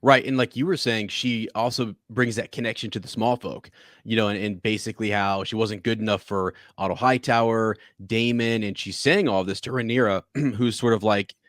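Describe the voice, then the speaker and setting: In this casual TV review chat, a podcast co-host talks about an episode, rambling and restarting often. His voice is lowish and steady with a fairly bright tone, delivered at a moderate pace. The recording is dry and studio-clean.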